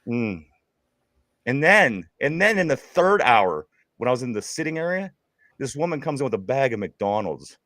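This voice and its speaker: Rambling Pittsburgh guy with a lively voice. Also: medium pitch, normal speed, dry recording, clean studio sound. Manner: rambling storyteller, stammers and repeats words, laughs often. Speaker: podcast co-host. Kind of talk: casual sports podcast chat.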